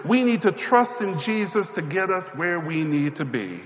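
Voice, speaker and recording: A man's voice: sits high, very animated, moderate pace. A male pastor giving a sermon in a church sanctuary. He speaks in a rhythmic call-and-response style with rising emphasis. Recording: echoey hall, slightly dull sound.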